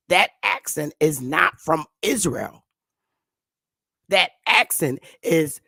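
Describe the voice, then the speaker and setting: A woman's voice: lowish voice, vocal fry, husky, dry recording. Emphatic New York woman, dry and close. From northern United States. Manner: emphatic, repetitive, profane. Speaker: commentary host. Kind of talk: casual opinion monologue.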